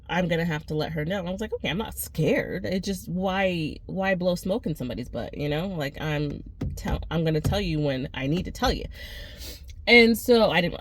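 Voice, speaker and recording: A young adult woman telling a story casually, talking fast with restarts and acting out what others said. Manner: animated, quotes people with rising pitch; fast, with restarts and repeated phrases.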